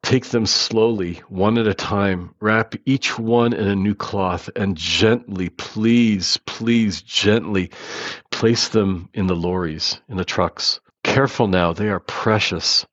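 A shaken, tender leader gives slow, gentle instructions and pleads for care, as a storyteller reads him out. The voice is low. The recording is dull and lo-fi. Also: male voice, dry recording.

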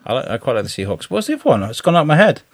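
A man's voice: mid-range voice, sing-song, rapid-fire, dry recording, studio quality. A man, chatting loosely on a podcast, swearing and laughing as he rambles. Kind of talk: casual podcast chat.

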